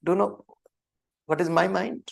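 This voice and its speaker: Gravelly-voiced man telling a spiritual story. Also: sits high, steady tone. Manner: slow, deliberate, repeats words for emphasis. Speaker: spiritual teacher.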